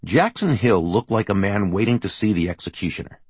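A man narrating a novel as an audiobook, steady and measured. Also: lowish voice, slightly rough, dry recording. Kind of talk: scripted narration.

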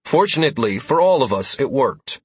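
A man narrating an audiobook with a steady storytelling delivery. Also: medium pitch, brisk, husky, no echo.

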